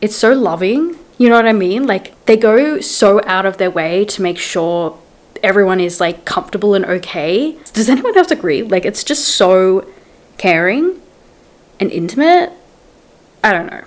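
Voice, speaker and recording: Young woman book vlogger, chatty and rambling, retells plots with quoted lines, mid-pitched. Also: animated, normal speed. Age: young adult. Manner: chatty, retells scenes in quotes, says "like" often. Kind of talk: casual book review chat.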